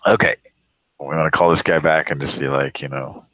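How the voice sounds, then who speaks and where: A young man with a very low voice hosts a live prank call show. He rambles in loose, profane banter and breaks into laughter. The sound is close and dry. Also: steady tone, a little fast, pushed and bright, no room sound, poor audio.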